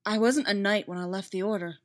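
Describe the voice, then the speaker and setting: A woman's voice: medium pitch, fairly quick, close to an everyday voice. A woman voicing a weary, dry male prisoner. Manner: dry and flat. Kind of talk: fan fiction read aloud.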